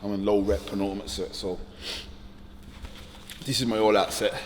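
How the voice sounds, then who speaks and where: A bodybuilder giving a casual gym workout tutorial, chatty and relaxed, with lots of ums. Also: male voice, on the low side, moderate pace, in a large hall, slight background noise. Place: echoey gym. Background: music playing.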